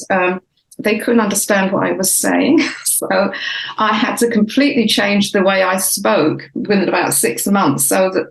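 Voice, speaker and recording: A reflective woman in her sixties whose English speech still carries traces of Cockney. She talks at a middle pitch and pauses often on fillers. The sound is a little roomy. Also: gravelly. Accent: English, faded Cockney. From Southeast London, England. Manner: reflective, many fillers and restarts. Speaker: author and guest. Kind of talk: casual interview talk.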